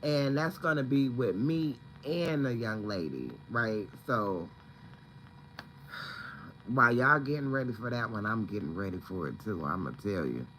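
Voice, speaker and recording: A man's voice: medium pitch, animated, a little slow, pushed and bright, a little hiss or hum, rough recording. A man chatting casually on a home livestream, rambling and greeting viewers by name. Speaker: livestream host. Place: at home, indoors.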